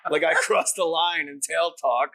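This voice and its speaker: 50s guy from jersey, comedian guest, swears a lot, bright kinda high voice, animated storytelling. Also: low-quality recording. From New Jersey. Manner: animated, profane, lots of laughter. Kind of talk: casual storytelling interview.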